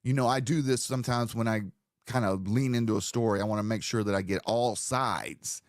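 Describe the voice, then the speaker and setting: A streamer host with a lowish voice speaks fairly quickly, rambling casually and profanely as he sets up a commentary segment. The sound is studio quality with no echo.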